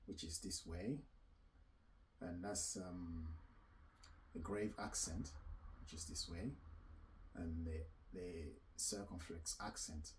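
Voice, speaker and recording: A man hosting a casual spoken lesson on pronunciation, talking slowly and hesitantly and repeating sounds aloud. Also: deep voice, steady tone, a little hiss or hum, rough recording. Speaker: language teacher.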